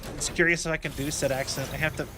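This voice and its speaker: A man's voice: a little high, steady tone, racing, noisy background. A young man from the United States chatting casually while streaming a game, rambling with lots of fillers and self-deprecating asides.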